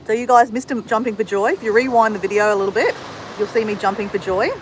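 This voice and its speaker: Speaking in a steady, mid-range voice, this Australian livestream host talks quickly as she chats with viewers, says hello, and replies to comments. She's outside in the sunshine. The audio is low quality with a little background noise.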